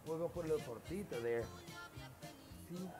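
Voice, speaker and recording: A man's voice: on the high side, brisk, over music. A middle-aged man, hosting a casual home cooking show in his kitchen, chatty and boastful, dropping phrases as he goes.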